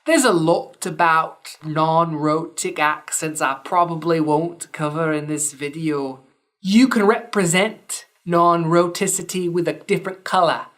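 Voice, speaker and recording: A woman's voice: low-pitched, unhurried. A woman podcast host giving a scripted explainer lesson, with dry, wry asides between points.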